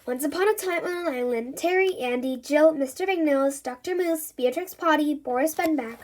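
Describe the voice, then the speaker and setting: A woman reading a children's chapter book aloud in an even storytelling manner. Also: high voice. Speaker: reader.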